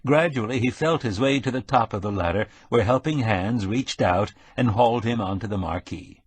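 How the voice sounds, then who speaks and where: Husky-voiced man narrating an audiobook. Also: fairly low pitch, normal speed, no echo. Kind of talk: scripted narration.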